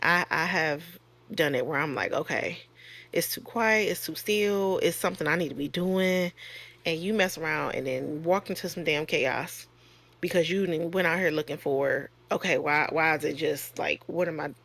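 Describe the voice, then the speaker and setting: Gravelly low-voiced woman telling stories. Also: normal speed, a bit bright. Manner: frank and conversational, rising sharply when retelling exchanges. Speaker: nurse and online course creator. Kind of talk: casual storytelling monologue.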